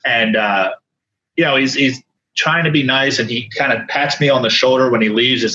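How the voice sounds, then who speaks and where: A man speaking as a podcast guest and coach, telling candid stories in an animated, earnest way with many asides. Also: medium pitch, moderate pace, highs cut off. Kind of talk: candid storytelling in conversation.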